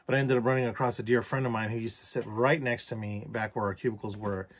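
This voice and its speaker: A man's voice: fairly low pitch, steady tone, fast. A man recounting a personal story for a journal vlog, candid and reflective, with casual swearing. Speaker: vlogger.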